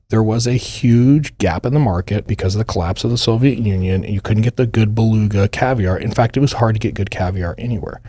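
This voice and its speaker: A man's voice: on the low side, no echo. A man co-hosting a true-crime podcast, telling a story in casual chat and acting out the people he quotes. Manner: animated retelling, acts out quotes in a raised voice. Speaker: podcast co-host.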